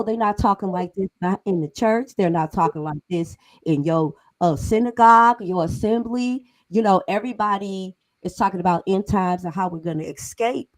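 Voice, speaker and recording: A woman's voice: mid-range voice, rough recording. A middle-aged woman hosting a talk show, speaking in an emphatic, conversational and preachy way. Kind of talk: casual panel talk.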